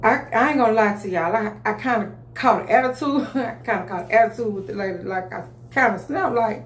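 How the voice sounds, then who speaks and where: A woman telling a personal story to camera in a loose, animated way, full of restarts and asides. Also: mid-range voice, fairly quick, few pauses, slight background noise. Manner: animated, full of restarts and "you know what I'm saying". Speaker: vlogger telling her story. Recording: echoey room.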